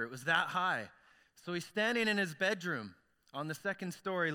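A man's voice: high-pitched, pushed and bright, smooth, long reverb tail. A man preaching as a pastor, telling a story in a casual, conversational way. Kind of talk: sermon.

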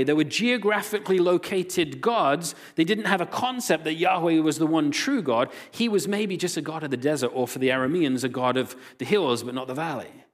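A male pastor preaching a sermon, reading scripture aloud and retelling the story with lively voiced quotes. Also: a little high. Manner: animated storytelling, voicing quoted characters.

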